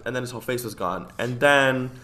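A man co-hosting a podcast, playfully retelling film scenes with quick asides in casual chat. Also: mid-range voice, bright, forceful tone.

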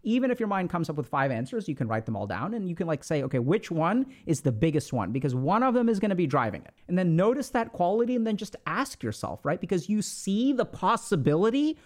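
A man hosting a podcast, giving casual, animated advice and acting out quoted lines in everyday slang. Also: high voice, quick pace, few pauses.

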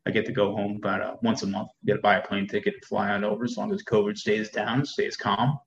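A man's voice: fairly low pitch, little pitch movement, quick pace, a little hiss or hum. A man in his thirties, a soldier, talking candidly in a casual conversation and often repeating words as he thinks. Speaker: soldier guest. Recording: dull echoey room sound.

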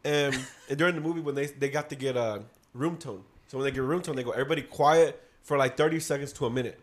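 A man's voice: mid-range voice, fast talker, a little hiss or hum. A teenage man telling a story in casual chat among friends, swearing and laughing as he talks. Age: teens.

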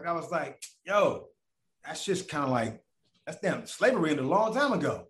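A man's voice: a little high, moderate pace, reverberant. A man telling a long personal story in casual, profane talk, acting out the voices of the people in it. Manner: animated, profane, acts out voices of others.

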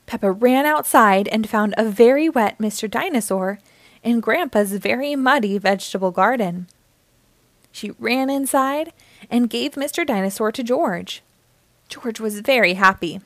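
A woman reading a picture book aloud to children, with clear, expressive storytelling. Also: a little high, unhurried, no room sound.

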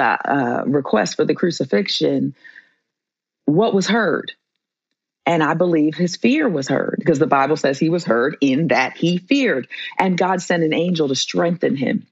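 A woman's voice: low voice, darkish tone, dry recording, muffled recording. A woman, a trauma therapist as guest, teaching in a fervent, preacherly way and repeating lines for emphasis. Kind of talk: impassioned sermon-like teaching.

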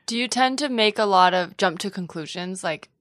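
A woman's voice: mid-range voice, normal speed, fairly bright tone, dry recording, clean studio sound. A woman hosting a casual podcast, asking curious follow-up questions. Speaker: podcast host.

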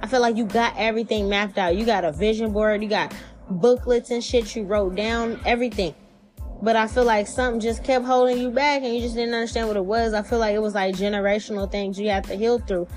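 A woman giving a casual spiritual reading, talking in a chatty, slangy way, swearing freely and acting out imagined voices with big jumps in pitch. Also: fairly even intonation, fairly quick, faint music behind. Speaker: tarot reader.

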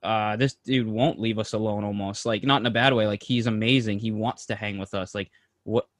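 Excited bro telling a story. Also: male voice, lowish voice, a little fast, dry recording, clean studio sound. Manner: excited, animated storytelling with lots of swearing and slang. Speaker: podcast co-host. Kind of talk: casual storytelling chat.

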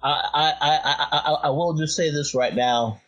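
A man's voice: fairly high pitch, normal speed, a bit bright, highs cut off, faint music behind. A man hosting a casual podcast chat, stammering on repeated words and hedging as he talks. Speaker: podcast host.

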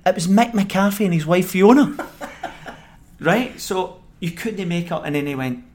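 A middle-aged Scottish man, a former footballer, telling animated stories as a podcast guest with frequent laughs. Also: fairly high pitch, normal speed. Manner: animated anecdote-telling, acts out quoted voices, laughs often. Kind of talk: podcast interview storytelling.

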